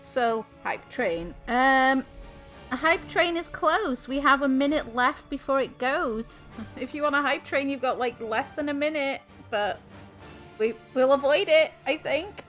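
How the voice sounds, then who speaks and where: A woman's voice: sits high, unhurried, fairly bright tone, faint music behind. A young woman streaming live, casually chatting and effusively thanking her viewers, often exclaiming in shock.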